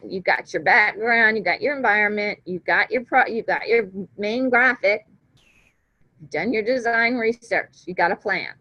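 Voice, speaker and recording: A woman's voice: on the high side, sharp tone, muffled recording. A woman teacher giving a classroom lecture, talking conversationally and checking understanding with frequent "right?".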